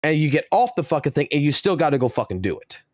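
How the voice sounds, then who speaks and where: A male live streamer in his thirties or forties, venting in a long, swear-laden rant. His voice sits a touch higher than most men's, and the sound is close and dry with no room echo. He talks with blunt, exasperated conviction. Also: very animated, fast, darkish tone. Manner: profane, ranting, exasperated. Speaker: game streamer and host.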